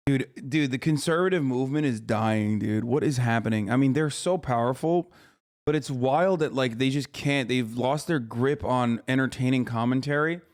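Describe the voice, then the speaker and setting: A man live-streaming, reacting to a clip in a fast, incredulous, ranting way. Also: mid-range voice. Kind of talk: casual reaction commentary.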